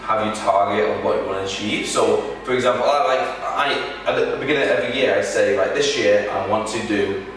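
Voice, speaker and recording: A man's voice: fairly low pitch, a bit bright. Echoey, distant male wrestler. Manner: halting, many restarts and fillers. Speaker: wrestler being interviewed. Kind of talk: casual interview answers. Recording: echoey room from far off.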